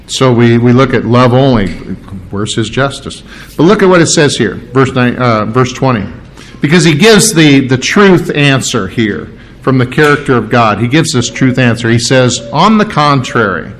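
A man's voice: mid-range voice, a little hiss or hum. A middle-aged man preaching a verse-by-verse sermon, conversational with restarts and asides, pressing hard on repeated phrases. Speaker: pastor. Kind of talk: sermon, verse-by-verse Bible teaching.

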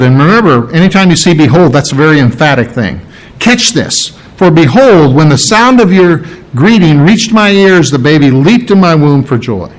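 A pastor preaching a verse-by-verse sermon, animated, often repeating and restarting phrases as he presses his questions. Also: a little high. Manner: animated, rising to emphatic questions. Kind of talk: expository sermon.

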